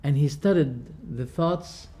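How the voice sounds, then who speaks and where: A man's voice: on the high side, unhurried, warm tone. A man giving a religious lecture to a class, restating each term in plain words and throwing rhetorical questions at his listeners. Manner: explains terms by restating them. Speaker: religious teacher.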